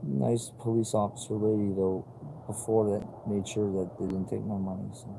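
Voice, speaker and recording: A man talking to the camera in a rambling, halting way, swearing often and restarting his sentences. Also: lowish voice, little pitch movement, vocal fry, background noise. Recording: loud music playing behind.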